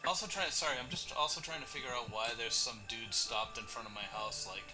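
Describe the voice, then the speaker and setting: A man's voice: mid-range voice, animated, fairly quick, loud music behind the voice, rough recording. A man as game master, chatting casually and rambling with many fillers while setting up a tabletop game.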